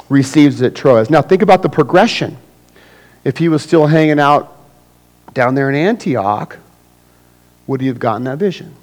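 A male pastor delivers a sermon in a relaxed, conversational style, often dropping to a quiet aside. He jumps into playful impressions of church members, his voice leaping up high and loud. His pitch sits in the middle range for a man. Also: vocal fry, low-quality recording. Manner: conversational preaching, acts out voices of people with big swings in pitch and loudness.

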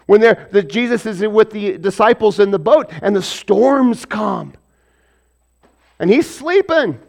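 A man's voice: high voice, expressive, a little slow, vocal fry. A man preaching a sermon, asking and answering his own rhetorical questions and acting out voices from the stories he tells. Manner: acts out biblical and everyday voices.

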